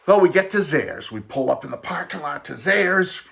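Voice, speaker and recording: A man in his sixties hosting a vlog, telling a nostalgic personal story in a chatty, animated way, talking straight to his viewers. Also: fairly high pitch, moderate pace, vocal fry. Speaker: vlog host and record collector.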